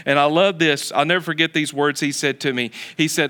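A man's voice: fairly high pitch, fairly even intonation, brisk, few pauses, pushed and bright, smooth. A man preaching an earnest sermon as pastor, telling stories with frequent restarts. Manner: earnest, storytelling with many restarts.

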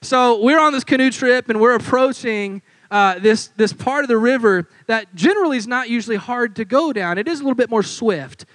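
Young male youth pastor, fairly high voice, dry studio-close sound, acts out his stories. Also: fairly quick, hardly any pauses, no echo, low-quality recording. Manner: animated storyteller, acts out quotes. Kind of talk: sermon with storytelling.

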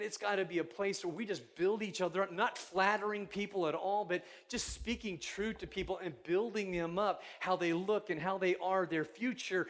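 A man's voice: high voice, fairly bright tone. A middle-aged male pastor preaching a sermon in an earnest, emphatic way, often restarting his phrases.

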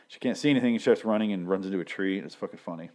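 Man with a very deep voice, casual profane episode recap, rambling with dry asides. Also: fast, a little mellow. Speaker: show reviewer.

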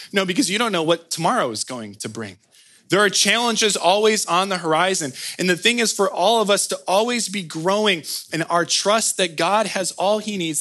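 A man preaching a sermon as pastor, telling a personal story with acted-out dialogue and closing in prayer. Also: fairly high pitch. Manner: slow, soft closing prayer.

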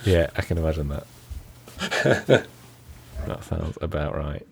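A man co-hosting a casual podcast, chatty and relaxed, laughing easily. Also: very deep voice, a little slow, creaky, slight background noise. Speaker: podcast co-host.

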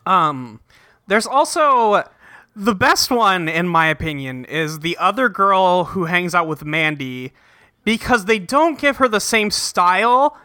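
Man, podcast host, bright voice, slightly high, casual recap, swears, acts out scenes. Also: big pitch swings, takes it slowly, no echo, studio quality. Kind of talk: casual chat.

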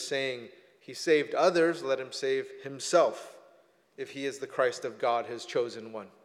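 A male pastor preaching a sermon and reading scripture, reflective and measured, with emphatic rises when he quotes the text. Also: medium pitch, big-room sound.

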